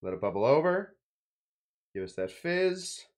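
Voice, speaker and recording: A man's voice: fairly high pitch, sing-song, unhurried. A man from California hosting a casual cocktail-making video, talking in a rambling, jokey way with playful asides. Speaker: cocktail show host.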